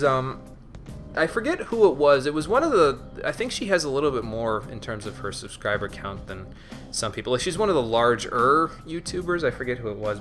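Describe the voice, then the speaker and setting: A man with a medium-pitched, fairly bright voice hosts a casual gaming livestream. He chats easily, responds to his viewers' messages, and often repeats words as he goes.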